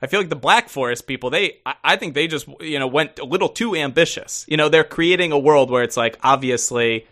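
Male co-host, bright voice, slightly high, rambling casual chat with stop-start phrasing. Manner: rambling, halting restarts. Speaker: podcast co-host.

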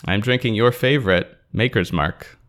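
A man's voice: fairly low pitch, moderate pace, fairly bright tone. Dry, teasing male podcast co-host. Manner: dry, teasing delivery with mock-formal intros. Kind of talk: casual podcast chat.

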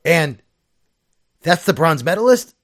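A man's voice: a little high, sing-song, measured pace. A man co-hosting a casual chat who talks thoughtfully, hedging often with "like" and "I mean.". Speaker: podcast co-host.

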